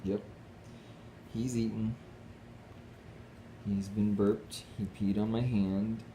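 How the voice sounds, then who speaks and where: A man's voice: on the low side, flat delivery, slow pace, mellow, slight background noise. A man from the Northeastern United States chatting casually at home in a rambling, easygoing way, full of restarts. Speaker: squirrel rehabber vlogger. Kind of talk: casual home vlog chat.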